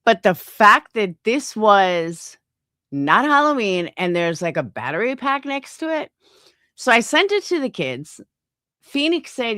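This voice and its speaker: A woman's voice: mid-range voice, big pitch swings, a little slow, pushed and bright, no room sound, studio quality. Chatty swearing woman livestream host. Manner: chatty storytelling, swears a lot. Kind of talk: casual chat.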